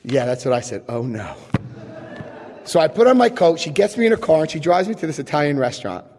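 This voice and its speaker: Animated man telling a story in a hall. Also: on the high side, fast. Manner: animated, laughing, acts out quotes. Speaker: speaker sharing a personal story. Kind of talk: storytelling to an audience. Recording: long hall reverb.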